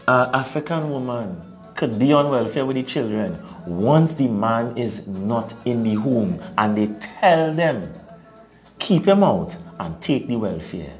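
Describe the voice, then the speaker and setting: A man with a Trinidadian accent, co-hosting an opinionated talk show and lecturing his listeners. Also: mid-range voice. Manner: animated, preachy, laughs at his own points.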